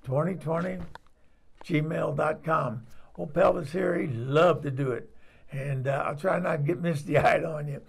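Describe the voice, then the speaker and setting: An older man hosting his channel, talking in a loose, folksy, rambling way and clearing his throat now and then. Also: fairly high pitch, measured pace. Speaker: channel host. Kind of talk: casual spoken outro.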